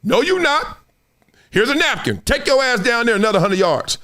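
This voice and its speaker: A man mimicking a gruff, blunt football coach who barks orders at a player. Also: extremely high pitch, big pitch swings, normal speed, bright, forceful tone, voice pushed up, heavily acted. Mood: barking. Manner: mocking, blunt, commanding.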